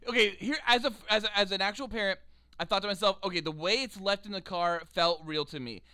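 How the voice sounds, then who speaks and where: Man, podcast co-host, high bright voice, smooth and dry sound, animated, swears, acts out movie lines. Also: quick pace, no room sound. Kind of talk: casual comedic movie chat.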